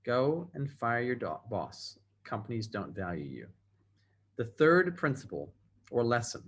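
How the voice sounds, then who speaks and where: A man's voice: mid-range voice, very animated, measured pace, slightly rough. A man giving a motivational training talk over a video call, emphatic and repeating phrases for effect. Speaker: motivational speaker.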